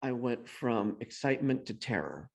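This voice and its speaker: This middle-aged man, appearing as a guest speaker, recounts something from his own life, poking fun at himself and animatedly voicing the people he quotes. His pitch is medium, his speed normal, and there's vocal fry.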